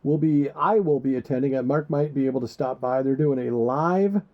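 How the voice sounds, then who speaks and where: Heard through muffled, lo-fi podcast audio, a male co-host with a mid-range voice speaks at a moderate pace. He rambles casually, joking around with crude asides.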